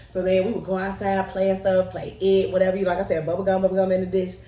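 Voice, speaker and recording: Brief: woman around forty, animated storyteller, roomy room sound with the mic set back. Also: mid-range voice, fast, far from the mic. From Chicago, South Side. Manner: playful, lively, acts out voices and laughs often. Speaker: show creator telling a childhood story. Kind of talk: personal storytelling to camera.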